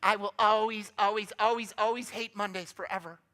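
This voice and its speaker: A woman's voice: medium pitch, steady tone, a little fast, fairly bright tone, natural voice. A man quoting a grumpy Monday-hating woman. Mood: grumbling. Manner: stubborn, complaining. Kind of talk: acted quote in a church talk.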